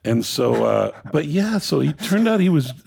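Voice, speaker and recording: A man's voice: on the high side, sing-song, moderate pace, creaky, a little mellow, breathy edge. A middle-aged man, a guest, telling laid-back, rambling stories about his years as a touring crew member, full of "you know" and "like". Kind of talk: casual storytelling on a podcast.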